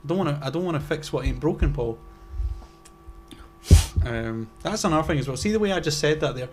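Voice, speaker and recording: A man's voice: a little high, animated, a little fast, pauses often, a little hiss or hum. A young Scottish man co-hosting a podcast in loose, rambling, self-mocking casual chat. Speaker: podcast co-host.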